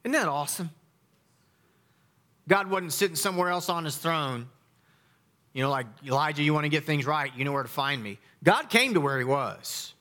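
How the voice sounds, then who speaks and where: A middle-aged man preaching a sermon as a pastor, emphatic, with dramatic pauses and sudden quiet drops. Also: a little high, animated.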